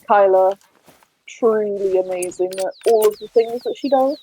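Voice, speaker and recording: A woman's voice: mid-range voice, moderate pace, dark tone, poor audio. A young woman chatting on a gaming livestream in a teasing, playful way, laughing often. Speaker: gaming streamer. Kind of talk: casual chat while livestreaming a game.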